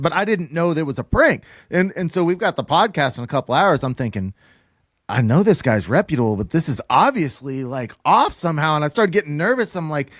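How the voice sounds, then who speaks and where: A man's voice: a little high, dry recording, studio quality. A man hosting a hunting podcast, talking earnestly with his guest and speaking directly to his listeners. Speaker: podcast host. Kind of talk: casual podcast interview.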